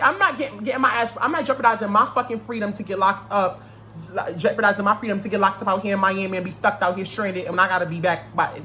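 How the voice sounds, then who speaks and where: A young woman tells a long, rambling story in casual, profane talk, stumbling over restarts and fillers. Her voice sits at an ordinary middle pitch. The recording is a little dull and lo-fi, with a faint hiss behind it. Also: sharp tone. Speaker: vlogger. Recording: slightly dull lo-fi sound with faint noise.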